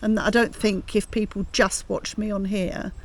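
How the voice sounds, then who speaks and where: A woman's voice: mid-range voice, level tone, normal speed. A woman from England co-hosting a casual home podcast, teasing and giggly in her chat. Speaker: podcast co-host. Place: home in France.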